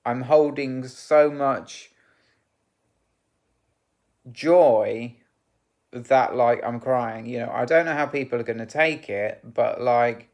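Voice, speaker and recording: A man, telling a personal story in a vlog in a rambling, halting and candid way, full of restarts. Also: mid-range voice, darkish tone. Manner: candid and emotional.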